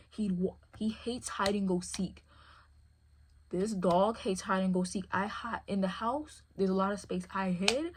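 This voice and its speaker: A woman's voice: mid-range voice, a little mellow, breathy edge. A woman who handles a service dog, talking casually and rambling, often asking "you feel me". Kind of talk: casual chat.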